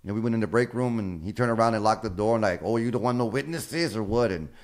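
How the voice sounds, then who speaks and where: Fast-talking male comedian telling stories. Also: lowish voice. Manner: animated, acts out quoted dialogue, swears freely. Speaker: comedian guest. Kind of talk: casual storytelling.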